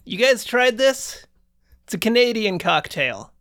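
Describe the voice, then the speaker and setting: A woman's voice: fairly high pitch, sing-song, measured pace, a bit bright. A woman playing a tabletop game, explaining things in a matter-of-fact way. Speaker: player. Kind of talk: casual tabletop game chat.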